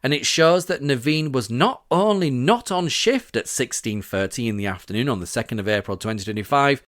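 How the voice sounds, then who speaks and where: A man's voice: medium pitch, lively intonation, brisk, a bit bright, no room sound, clean studio sound. A man from Britain hosting a scripted podcast, reading out witness quotes with sarcastic, indignant asides. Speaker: podcast host.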